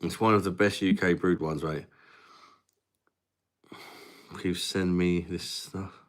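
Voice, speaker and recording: A man's voice: sits low, steady tone, slow. A man hosting a live stream, chatting casually with viewers, laughing often and greeting them by name. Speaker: livestream host reading chat.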